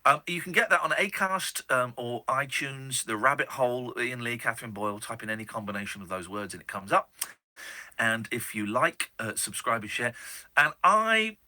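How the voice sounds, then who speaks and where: A man's voice: mid-range voice, lively intonation, moderate pace, sharp tone. A man hosting a late-night radio talk show, rambling and self-deprecating, with many restarts. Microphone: studio microphone.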